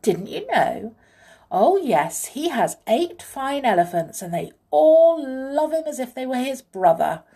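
A woman's voice: high voice, big pitch swings, a little slow, warm tone, pitched above the performer's own voice, exaggerated voice. A woman voicing a chatty woman answering the door in a storybook reading, admiring and talkative.

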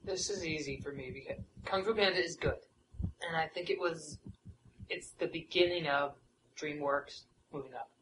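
A co-host on a casual film discussion podcast, enthusiastic and quick to agree and chime in. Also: mid-range voice, echoey room, noisy background.

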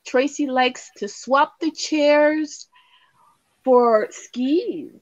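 A woman's voice: high-pitched, extremely slow, lo-fi sound. A woman co-hosting a pop culture podcast who chats casually, agrees readily, and laughs along with her partner. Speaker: podcast co-host. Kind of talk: casual chat.

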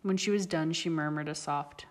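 A woman reading a story aloud as narrator, steady and even. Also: low voice, normal speed. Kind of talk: audiobook reading of fan fiction. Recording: long reverb.

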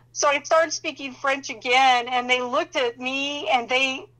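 A woman telling a faith testimony in a casual, animated way, often laughing and acting out what people said. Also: high voice, rough recording. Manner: animated storyteller who laughs often and acts out dialogue. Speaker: Christian counselor sharing her testimony.

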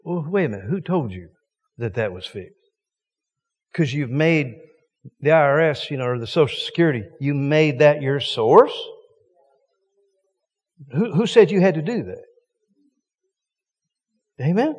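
Folksy, lively preacher in a reverberant hall. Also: male voice, on the high side, measured pace, long pauses, husky. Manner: folksy, joking, emphatic. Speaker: visiting preacher. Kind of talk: sermon.

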